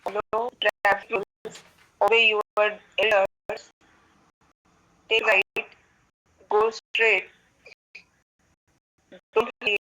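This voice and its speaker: Flat, slow woman reading drills. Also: medium pitch, poor audio. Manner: flat, deliberate reading with small restarts. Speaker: adult English learner. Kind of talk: reading English sentences aloud in class.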